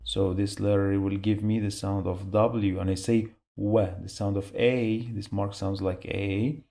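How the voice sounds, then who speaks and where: A man teaching a spelling lesson, slowly repeating each sound syllable by syllable. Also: fairly low pitch, little pitch movement, gravelly, dark tone. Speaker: Arabic teacher.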